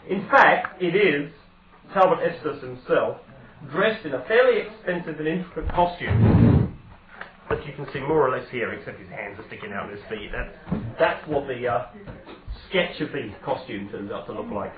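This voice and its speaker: A man's voice: mid-range voice, animated, moderate pace. A man narrating a tabletop game as game master, speaking conversationally with frequent hesitations and self-corrections. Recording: echoey, distant, phone-like sound.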